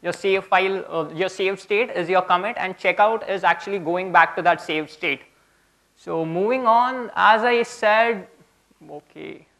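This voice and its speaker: A young man gives a casual, chatty technical talk at a conference, often checking in with "okay?" His voice sits high and a bit bright, and he takes an unhurried pace.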